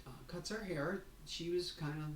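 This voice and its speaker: A woman's voice: fairly low pitch, moderate pace. A middle-aged woman vlogger chatting about her week, gushing and restarting her sentences as she tells stories. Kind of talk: casual personal update. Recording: roomy, distant mic, faint room noise.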